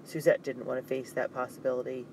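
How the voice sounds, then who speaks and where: A man narrating an audiobook in a steady, suspenseful reading. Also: mid-range voice, quick pace, background noise.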